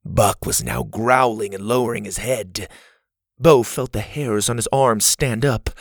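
A man narrating a children's adventure storybook with a steady, expressive reading. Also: lowish voice, creaky, no room sound, studio quality.

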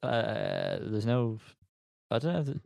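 A man's voice: lowish voice, wildly swooping pitch, measured pace, vocal fry, a little mellow, dry recording, studio quality. A man hosting a casual music news podcast, chatty and self-mocking as he reads out the news. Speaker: podcast host.

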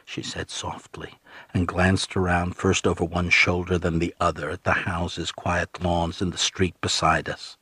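Deep husky male audiobook narrator. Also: little pitch movement, measured pace, pushed and bright, no echo, clean studio sound. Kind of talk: first-person audiobook narration.

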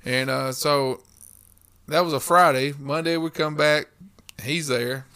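Man, casual storyteller, slightly high and bright voice, swears freely, acts out quotes. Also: measured pace, smooth. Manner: profane, animated storytelling with quoted dialogue; lively retelling, rambling with restarts. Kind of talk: casual chat.

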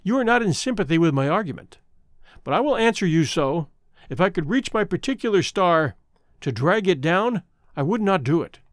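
A man's voice: high voice, expressive, normal speed, dry recording, studio quality. A man reading the lines of an idealistic young man, speaking earnestly and passionately in an audiobook. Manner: earnest, impassioned.

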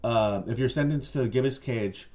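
A man's voice: medium pitch, moderate pace, a little mellow. A man co-hosting a casual podcast, telling stories with lots of swearing, laughs and silly put-on voices. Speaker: podcast co-host. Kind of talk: casual chat.

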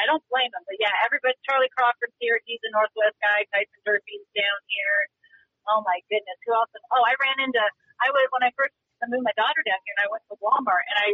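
A woman talking rodeo as a guest on a radio show, calling in by phone while she drives. She tells stories in a chatty way and often restarts her sentences. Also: on the high side. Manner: chatty storyteller, lively, many restarts. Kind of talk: casual radio interview chat. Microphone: phone while driving. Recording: tinny phone line with faint hiss.

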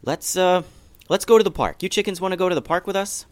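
A man's voice: high voice, fast talker, pitched above the performer's own voice, natural voice. A man voicing a playful mother in a children's story. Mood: excited. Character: Vanessa, a playful mom.

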